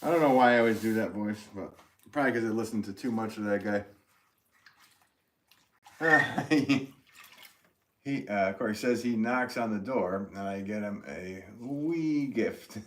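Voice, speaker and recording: Jokey low-voiced man with a New England accent. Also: normal speed, pauses often. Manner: jokey, laughs often. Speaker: potter hosting a livestream. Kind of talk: casual livestream chat, reading comments.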